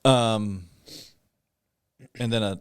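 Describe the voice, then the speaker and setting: In a clean, dry recording, a middle-aged man who is a police officer and a guest shares a personal story with an interviewer. His lowish voice stays steady and close-miked, with no room sound; he stops frequently on fillers in a halting, conversational style and now and then laughs ruefully.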